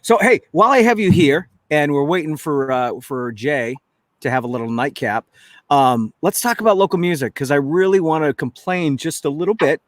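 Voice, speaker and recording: A man's voice: fairly high pitch, lively intonation, normal speed, dry recording, clean studio sound. Chatty New man hosting. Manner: chatty, rambling, self-correcting. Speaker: show host. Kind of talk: casual chat over drinks.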